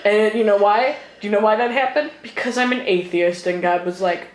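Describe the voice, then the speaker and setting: A woman's voice: mid-range voice, a little fast. Woman, 30s, podcast co-host; loose, profane, giggly; roomy, slightly noisy recording. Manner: swearing, laughing, chatty. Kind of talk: casual chat. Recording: echoey room with faint noise.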